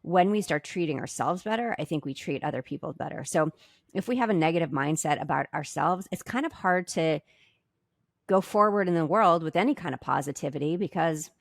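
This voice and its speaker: Low gravelly lady cohosting a chat show, thinks out loud, dry close sound. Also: lively intonation, fairly quick, no echo. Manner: reflective, thinks aloud with restarts. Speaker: podcast cohost. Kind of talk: casual chat.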